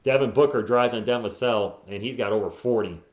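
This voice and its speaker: Partisan fan calling a game, echoey lo-fi mic. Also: male voice, on the low side, fast. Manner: partisan, bursts into frustrated yelling at players. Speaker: fan play-by-play streamer. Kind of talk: live play-by-play commentary. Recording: echoey, dull lo-fi home mic.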